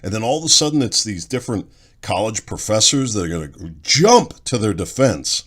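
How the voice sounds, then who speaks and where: A man with a fairly low voice hosts a talk podcast. He delivers a blunt, sarcastic opinion monologue. He keeps firing off rhetorical questions. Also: very animated, moderate pace, fairly bright tone, husky. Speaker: podcast talk show host.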